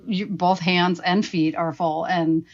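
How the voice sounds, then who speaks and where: A woman's voice: on the low side, steady tone, slow pace, dull audio. A woman in her forties, a guest telling her own story frankly and with swearing, acting out her past remarks. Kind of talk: candid personal storytelling.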